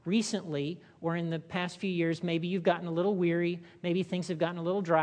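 A woman's voice: lowish voice, flat delivery, a little fast, darkish tone. Woman pastor, conversational sermon, rhetorical questions, long hall reverb. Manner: conversational preaching with rhetorical questions and acted-out voices.

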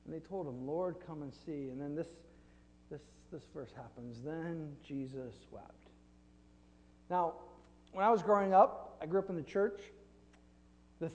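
Preacher in a reverberant hall. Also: male voice, sits high, darkish tone. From Flint, Michigan. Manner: conversational, self-deprecating with laughs. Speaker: pastor. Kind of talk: sermon. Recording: long reverb in a large hall.

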